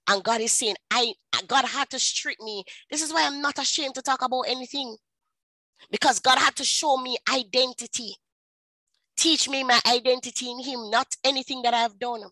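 A woman in her thirties with a Jamaican accent, telling her personal testimony in an animated storytelling way and slipping into patois. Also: sits high, normal speed, dry recording, low-quality recording. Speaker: speaker at a women's ministry.

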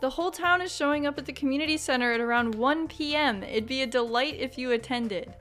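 A woman's voice: sits high, quick pace, fairly bright tone, soft background music. A woman reading out the lines of a polite older male town mayor in a game. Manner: reading in-game dialogue aloud.

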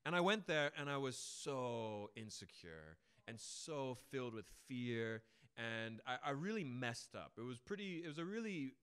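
A young man preaching a sermon, telling stories emphatically and dramatically, with big swings in loudness. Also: mid-range voice, smooth.

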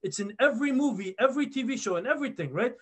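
High-voiced man telling a lively sermon story. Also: very fast. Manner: animated storytelling, acts out quoted voices; conversational, many repeated words and "right?" asides. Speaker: preacher.

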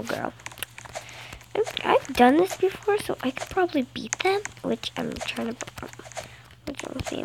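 A woman giving excitable, dramatic let's-play commentary to her viewers, recorded on a phone. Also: sits high, vocal fry, noisy background. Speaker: gaming channel host. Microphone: phone screen recording.

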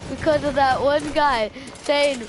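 A woman giving gameplay commentary, full of profane, excitable trash talk. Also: high-pitched, a little slow. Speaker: gamer. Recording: noisy game audio behind. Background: game sounds and gunfire.

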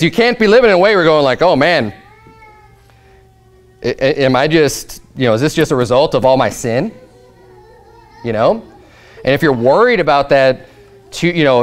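A man's voice: medium pitch, clean tone. A pastor preaching a sermon in a conversational, earnest way, often restarting his sentences. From United States. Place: church sanctuary.

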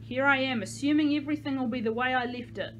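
A drunk, high young man , put on by a woman reading aloud, slurs his way through loud, overly jolly talk. His voice sits noticeably higher and louder than the reader's own. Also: fast talker, muffled recording, slight background noise. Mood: rambling.

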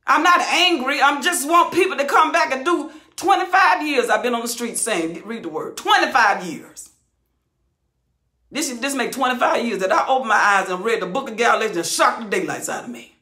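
A woman preaching on a Bible passage with a high, bright voice that rings in a roomy, echoey space. She hollers and drives her points home by repeating phrases. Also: lively intonation, normal speed. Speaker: Bible teacher. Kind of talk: impassioned verse-by-verse preaching. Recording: roomy echo.

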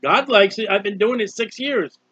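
A man's voice: high-pitched, normal speed, pushed and bright, slightly rough, no room sound, lo-fi sound. A man preaching an informal sermon on a psalm, earnest and conversational, often repeating himself. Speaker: street preacher.

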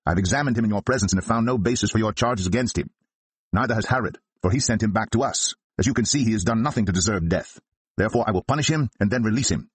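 A man's voice: lowish voice, fast talker, breathy edge, no room sound, voice pushed up. A man raising his voice for a stern Roman governor. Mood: firm.

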